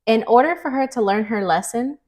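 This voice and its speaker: Speaking a little fast in a fairly high voice, this podcast co-host is a young woman recapping a thriller. Her storytelling is lively and chatty, full of "like" fillers, in a relaxed book-chat style.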